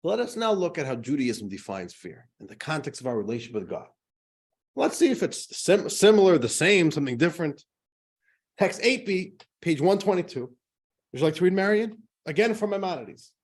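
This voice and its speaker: Man teaching a lively adult class. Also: fairly high pitch, moderate pace. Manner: conversational, tells jokes, asks rhetorical questions. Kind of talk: classroom lecture with jokes.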